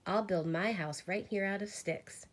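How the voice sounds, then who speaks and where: A woman playing a playful little storybook pig who squeals with excitement. Her pace stays slow and her pitch mid. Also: natural voice. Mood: excited.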